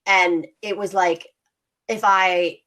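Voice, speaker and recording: A woman's voice: mid-range voice, steady tone, takes it slowly, a bit bright. A woman co-hosting a casual podcast, chatty and open, laughing often and using many fillers. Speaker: podcast co-host.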